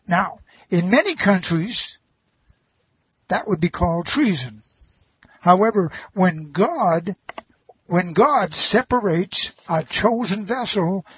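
A man preaching a folksy sermon, drawn out and slow, with homespun asides. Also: high voice, breathy edge, highs cut off.

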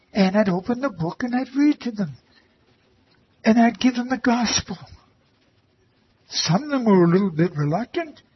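A man's voice: sits high, slight background noise. A man telling a personal faith testimony about reading the Bible to elderly residents, earnest and reverent, often repeating phrases for emphasis. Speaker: volunteer who read the Bible to elderly residents. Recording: slightly dull lo-fi recording with faint ambience.

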